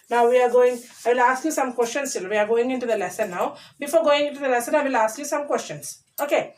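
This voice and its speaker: Teacher lady, highish voice, says each word twice for the kids. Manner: repeats words slowly for children to echo. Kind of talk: recorded class lesson.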